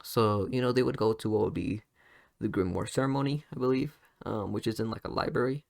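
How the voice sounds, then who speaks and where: A man's voice: fairly low pitch, fairly quick, vocal fry, a little mellow, dry recording, studio quality. A young man casually retelling a story in his own words, rambling with many fillers and restarts.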